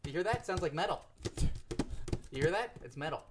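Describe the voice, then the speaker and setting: A man co-hosting a comedy podcast, joking and bantering in an animated way. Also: fairly high pitch, brisk, noisy background. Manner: animated, jokey delivery. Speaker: podcast co-host.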